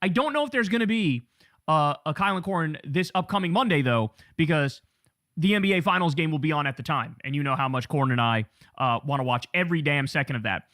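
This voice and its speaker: An energetic man hosting a news commentary show, chatty and informal with his audience. His voice sits a touch high and sounds close and dry. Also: a little fast, dry recording. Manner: energetic, chatty, addresses chat as y'all. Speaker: host.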